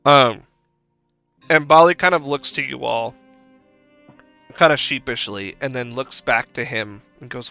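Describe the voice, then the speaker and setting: Man game master, bright crisp voice, rambling casual narration, dull lo-fi sound, faint music. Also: medium pitch, unhurried, long pauses. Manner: casual, rambling, swears, many fillers.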